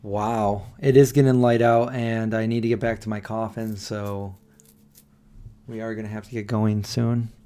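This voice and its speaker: A man's voice: on the low side, little pitch movement, measured pace, warm tone, clean tone. A tired man hosting a late-night livestream, rambling and answering viewers as he reads their messages aloud. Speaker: livestream host. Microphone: desk microphone.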